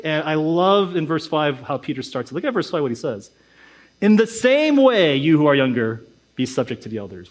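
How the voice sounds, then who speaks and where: A man with a somewhat high voice preaches to his congregation in an easygoing, chatty way. He slips into quick impressions of churchgoers and throws in "dude" and "like" as he goes. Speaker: pastor. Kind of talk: sermon.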